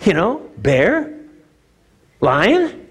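A male pastor preaching a sermon, telling a story with animated, emphatic repeats. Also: high-pitched, very slow, slightly rough.

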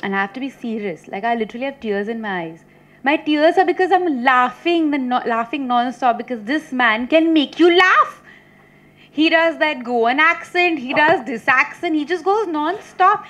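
A woman, a film actress at a press meet, telling lively stories and teasing with many fillers and restarts. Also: high voice, normal speed. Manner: teasing, laughs often. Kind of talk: chatty press meet answers.

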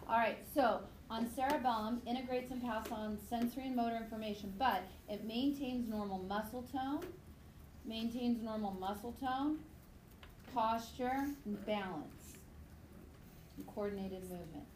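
A woman teaching a high school biology class, chatty and goofy, telling stories between points. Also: normal speed, darkish tone, echoey room, a little hiss or hum, low-quality recording. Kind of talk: classroom lecture with anecdotes.

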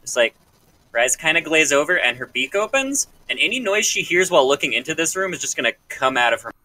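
Lively, bright-voiced male player. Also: on the high side, fast talker, poor audio. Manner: animated, explains actions. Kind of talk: tabletop game chat.

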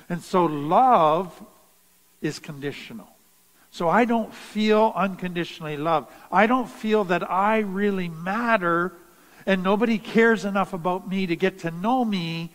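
Slow, earnest man teaching in a reverberant room. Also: high voice. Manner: slow, deliberate and earnest, with stressed phrases. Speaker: trauma educator. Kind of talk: teaching talk.

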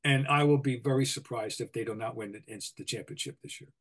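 An older man with a Boston accent, co-hosting a sports podcast, opinionated and full of halting restarts. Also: mid-range voice, a bit bright. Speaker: podcast co-host, basketball writer. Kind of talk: casual sports talk.

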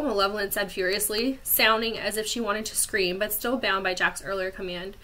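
A woman teacher reading a chapter book aloud to her class with expressive storytelling. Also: medium pitch, moderate pace.

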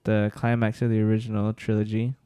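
A man's voice: on the low side, monotone, a little fast, mellow, smooth, no room sound, studio quality. A man co-hosting a podcast, chatting casually and profanely in a rambling way, laughing often. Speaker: podcast co-host. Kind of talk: casual chat recapping movies.

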